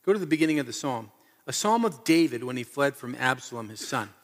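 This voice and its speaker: A man's voice: medium pitch, lively intonation, quick pace. Earnest man preaching in a hall. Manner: earnest, emphatic storytelling with repetition. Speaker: pastor. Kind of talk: sermon. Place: church hall. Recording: reverberant hall.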